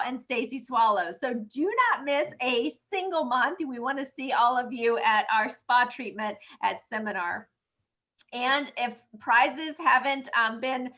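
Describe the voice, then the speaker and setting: A hoarse woman presenting at a sales team meeting as director, upbeat and encouraging, on dull lo-fi video call audio. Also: fairly high pitch, bright, forceful tone.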